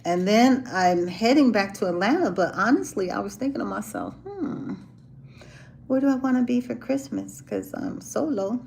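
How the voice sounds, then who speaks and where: A woman chats live with her viewers, laughing often and slipping into the voices of people in her stories. Her pitch sits in the middle of the range. A faint hiss runs under her voice. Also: very animated, normal speed, creaky, hardly any pauses, a little mellow, low-quality recording. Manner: chatty, laughs often, acts out quoted voices. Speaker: livestream host chatting with viewers. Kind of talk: casual live chat. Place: hotel in a city, music from a band downstairs.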